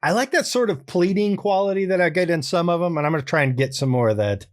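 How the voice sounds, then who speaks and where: A man recording his own character voices and calmly explaining his process, relaxed, thinking aloud and amused at himself. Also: on the high side, fast, hardly any pauses. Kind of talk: casual behind-the-scenes explanation.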